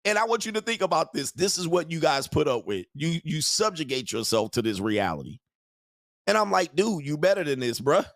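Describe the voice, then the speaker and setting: A man's voice: on the high side, sing-song, a little fast, creaky, fairly bright tone, dry recording, studio quality. A man hosting a show, delivering a crude, mocking livestream rant and laughing often. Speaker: show host.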